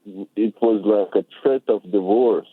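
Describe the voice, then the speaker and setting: A middle-aged man calling in on the phone, speaking haltingly and sounding worried as he explains his situation. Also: on the low side, crowd noise. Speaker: caller. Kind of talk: phone-in question to a lawyer. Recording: tinny dry phone line.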